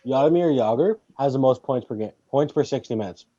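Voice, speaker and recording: Mellow guy on a call asking hockey questions, kinda muffled. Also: medium pitch, expressive, a little fast. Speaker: podcast co-host. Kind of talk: casual hockey chat.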